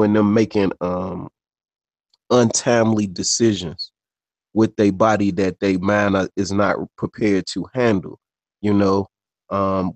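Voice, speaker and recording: A man's voice: lowish voice, darkish tone, dry recording. A man co-hosting a podcast, telling stories in casual, slangy, profane chat with constant "you know what I'm saying" tags. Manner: loose, conversational storyteller. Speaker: podcast co-host. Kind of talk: casual unscripted chat and storytelling.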